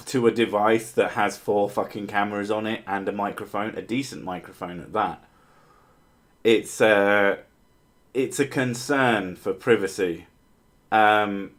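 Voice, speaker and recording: A man chatting casually on a livestream, answering viewers' comments in a rambling way, with frequent fillers, restarts and offhand swearing. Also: on the low side. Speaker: streamer answering chat.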